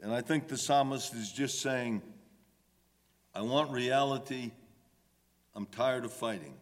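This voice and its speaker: A man's voice: medium pitch, measured pace, pauses often. A man preaching a sermon, speaking emphatically and voicing the psalmist's pleas with rising intensity. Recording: long hall reverb.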